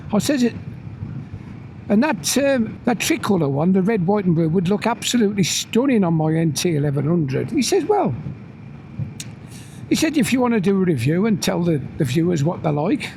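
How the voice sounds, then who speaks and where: Chatty biker, lively high voice. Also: male voice, gravelly, a little hiss or hum. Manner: chatty storyteller, acts out quoted voices. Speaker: motorcycle vlogger. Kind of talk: casual chat while riding. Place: on a motorbike outdoors.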